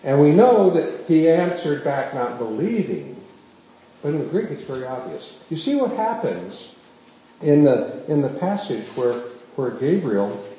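Speaking at a measured pace in a somewhat high voice, this male pastor preaches with lively storytelling, often turning to ask the congregation questions. His words bounce around a very echoey space over a faint hum of background noise.

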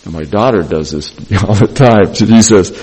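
Husky man giving a devotional address. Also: lowish voice, moderate pace, darkish tone, rough recording. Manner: earnest, repeats phrases for emphasis.

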